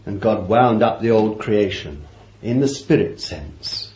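A man preaching a sermon, swinging from loud declarations to hushed asides and repeating phrases for emphasis. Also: lowish voice, expressive, measured pace. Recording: roomy, dull old sermon tape.

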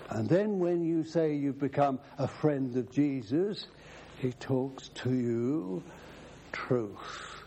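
A man's voice: mid-range voice, warm tone, slight background noise. A man preaching a sermon, emphatic, quoting scripture at length.

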